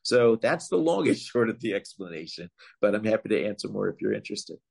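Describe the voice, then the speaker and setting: A man speaking as a legal expert in an interview, laying out his points in a measured, explanatory way. His voice sits fairly low, and he leans on certain words with emphatic rises. He pauses now and then on small fillers. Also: sing-song, gravelly, darkish tone, slightly rough. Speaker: voting rights legal expert, guest.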